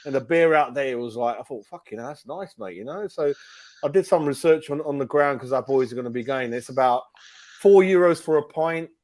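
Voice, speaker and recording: A man's voice: medium pitch, brisk, darkish tone. A man co-hosting a casual pub-style chat, blunt and opinionated and swearing freely. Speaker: podcast co-host.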